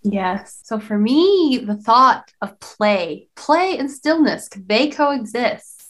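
A woman hosting an interview, gently affirming and drawing out her guest. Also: on the high side, lively intonation, slow. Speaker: podcast host. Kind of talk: casual interview chat.

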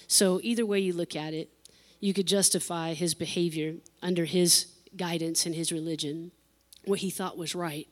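A woman's voice: lowish voice, steady tone, moderate pace. A woman pastor preaching an emotional sermon, repeating phrases for emphasis and laughing between lines.

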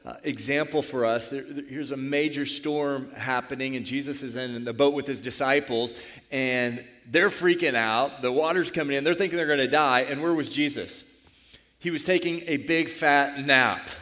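A man, the lead pastor, teaching from scripture with animated storytelling. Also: fairly high pitch, normal speed. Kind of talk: sermon-like teaching.

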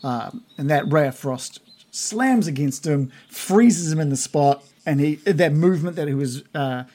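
A man running a tabletop game, describing the scene at an easy pace. He pauses with plenty of ums and uhs as he narrates. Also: fairly high pitch. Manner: relaxed, with many fillers. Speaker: game master.

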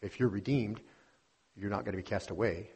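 A man with a low, husky voice delivers a sermon from the pulpit. He teaches earnestly, working through scripture verse by verse and calling his listeners beloved. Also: steady tone, fairly quick, darkish tone. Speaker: pastor. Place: church sanctuary.

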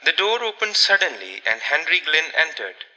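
Man narrating an audiobook, bright, lively pitch, reverberant room. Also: normal speed. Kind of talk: audiobook reading of a ghost story.

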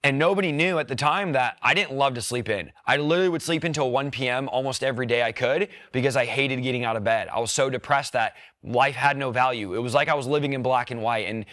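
Young man, earnest testimony, mid pitch, dry close sound. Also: a bit bright, no echo. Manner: earnest storytelling, quick bursts. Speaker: preacher. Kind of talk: personal testimony.

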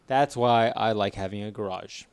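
A man joking crudely in casual banter, profane and animated as he tells stories. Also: lowish voice, normal speed, clean tone, dry recording.

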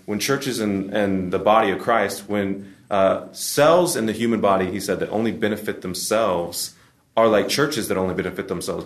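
Man telling stories in a roomy hall. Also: lowish voice. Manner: casual, storytelling, frequent restarts and humor. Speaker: speaker at a discipleship forum. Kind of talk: conversational talk to a live audience. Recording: roomy echo.

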